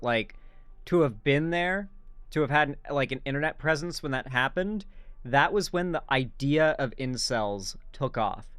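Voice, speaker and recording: A man's voice: mid-range voice, smooth, no echo. A young man giving rambling, self-correcting reaction commentary on a video. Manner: rambling, self-correcting, bursts into loud laughter.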